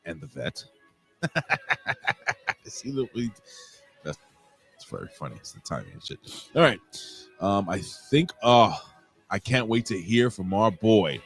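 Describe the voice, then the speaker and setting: A man's voice: lowish voice, very animated, unhurried, long pauses, husky, soft background music. A man co-hosting a live wrestling podcast, rambling, joking and swearing freely in casual chat.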